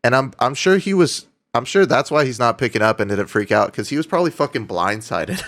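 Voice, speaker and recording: Young man streamer, loose and profane, laughs a lot, mid-pitched voice, chats to his viewers. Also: big pitch swings, fairly quick, few pauses, a bit bright. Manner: swears freely, reads out viewer donations, laughs often. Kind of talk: casual live-stream chat.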